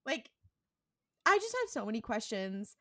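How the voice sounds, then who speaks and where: Chatty woman with a lively, rising voice. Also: on the high side, a little slow. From New York City. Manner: chatty, rambling asides with restarts. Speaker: podcast co-host. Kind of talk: casual chat.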